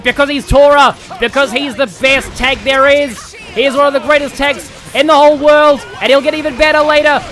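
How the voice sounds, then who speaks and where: An excitable male streamer from Australia puts on a broad Australian accent and rambles and shouts at the game he plays. His voice sits very high. Game music plays behind him. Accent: put-on broad Australian. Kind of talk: excited gameplay commentary.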